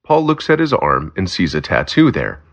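A man narrating a simple graded story for language learners, slow and clear. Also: sits low, wildly swooping pitch.

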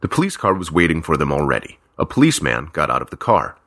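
A man narrating a simple graded story slowly and carefully for language learners. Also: extremely low pitch, huge pitch swings, fairly bright tone. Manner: slow, careful, evenly paced reading.

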